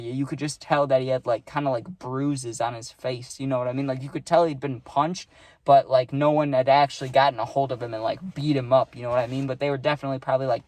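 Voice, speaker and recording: A man's voice: mid-range voice, a little mellow, no echo. A young man telling a casual storytime, rambling with lots of "like" and "right?", and swearing freely.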